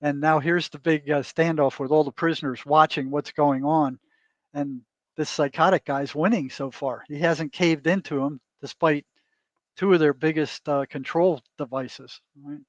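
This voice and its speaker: A man's voice: a little high, steady tone, normal speed, dry recording. A man guest, a therapist, telling a story in casual interview talk and often adding "you know" and "right?". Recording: dull lo-fi dry sound.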